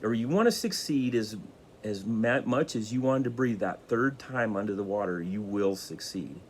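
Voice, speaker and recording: A man's voice: lowish voice, expressive, moderate pace, a little hiss or hum, close to an everyday voice. A man voicing an old wise man who sternly quizzes a seeker.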